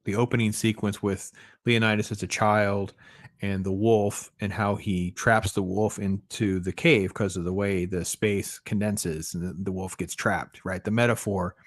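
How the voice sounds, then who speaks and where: Low-voiced enthusiastic podcast host. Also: male voice, steady tone, measured pace. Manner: enthusiastic, tags remarks with "right?". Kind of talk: casual podcast chat.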